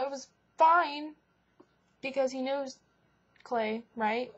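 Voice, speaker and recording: A woman's voice: high-pitched, slow pace. A woman casually telling a rambling story, full of fillers and giggles, recorded on dull lo-fi audio.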